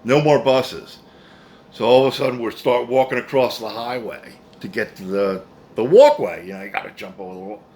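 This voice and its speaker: A man's voice: mid-range voice, animated, normal speed, darkish tone. A man in his fifties telling a rambling, profane story casually, full of "anyway" asides. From New Jersey, USA. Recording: faint background noise.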